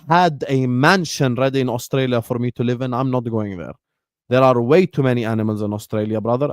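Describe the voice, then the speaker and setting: A young man hosts a livestream, chatting in a rambling, slangy manner and slipping in short Arabic phrases. His mid-range voice is a little mellow, recorded dry with clean studio sound.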